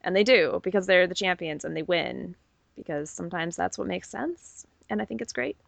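Woman co-host, gravelly fry in the voice, dry close sound, chatty and opinionated. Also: on the low side, moderate pace, no echo. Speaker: podcast co-host. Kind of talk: casual wrestling recap chat.

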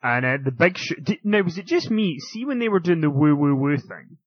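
A man's voice: lively intonation, fairly quick, dry recording. A man co-hosting a casual chat, laughing often as he talks. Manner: laughs often, mimics others in shrill voices. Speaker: podcast co-host. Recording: slightly muffled audio.

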